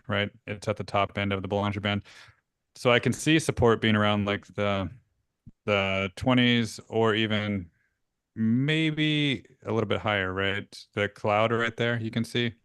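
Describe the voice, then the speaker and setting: A man with a lowish, smooth and clear voice walks through a stock chart over a video call. He sounds laid-back and casual, tossing in "right?" as he goes. The sound is dry and close, with almost no room around it. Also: fairly even intonation, moderate pace, a bit bright, dry recording. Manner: laid-back, laughs easily, says "right?" often.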